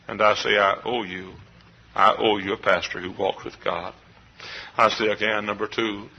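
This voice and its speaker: A middle-aged man preaching a sermon as a pastor, swinging from hushed confiding to shouted outbursts. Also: fairly low pitch, fairly even intonation, normal speed, gravelly, breathy edge, highs cut off. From Texas. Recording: live church service recording.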